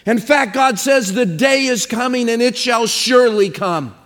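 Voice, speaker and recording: A man's voice: very high-pitched, a little slow, a bit bright. A man preaching a sermon and reading scripture aloud, emphatic and drawn out, with repeated phrases for stress. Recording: long hall reverb.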